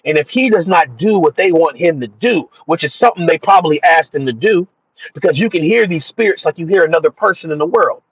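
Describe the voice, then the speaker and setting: A man's voice: fairly high pitch, lively intonation, a little fast, husky, no room sound. A man giving an emphatic, repetitive religious monologue about spirits. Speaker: spiritual commentator. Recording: dull dry lo-fi sound.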